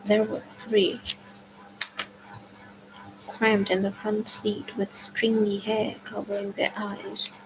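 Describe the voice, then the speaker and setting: A woman reading a novel aloud, softly and often half-whispered. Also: medium pitch, completely flat delivery, slow, long pauses, slight background noise, low-quality recording. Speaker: book reader.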